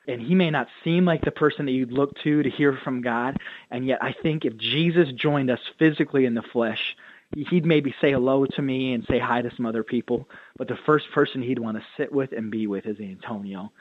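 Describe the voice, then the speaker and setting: This man speaks briskly at a medium pitch, with a little hiss or hum on a tinny, dry phone line. As a pastor and author on a radio interview, he relates stories earnestly and dramatizes the quotes.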